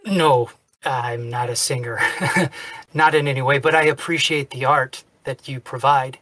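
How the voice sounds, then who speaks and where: A man's voice: mid-range voice, fairly even intonation, a little slow, bright, forceful tone. A man playing in a tabletop game, speaking politely and easygoing, in character. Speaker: player.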